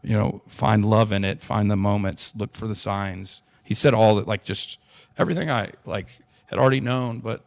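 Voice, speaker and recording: A young adult man with a drawl, appearing as a podcast guest, tells a personal story in earnest bursts, frequently restarting his sentences. His somewhat low voice carries vocal fry and a steady tone at normal speed. The recording is close and dry, with no echo.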